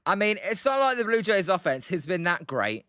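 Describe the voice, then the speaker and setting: British guy doing chatty play-by-play on a stream, high clear voice, lots of ums while he answers chat. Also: big pitch swings, normal speed, pushed and bright, no room sound, clean studio sound. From Britain. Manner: chatty, answers viewers' chat messages between pitches, many fillers. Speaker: live stream play-by-play host. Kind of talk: casual live play-by-play commentary.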